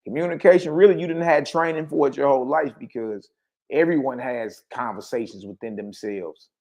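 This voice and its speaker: A man holds forth on spiritual matters in a loose, preachy, conversational way. He keeps tossing questions at his listeners as he goes. His voice sits at an ordinary middle pitch. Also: darkish tone. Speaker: online talk host. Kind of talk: casual spiritual commentary.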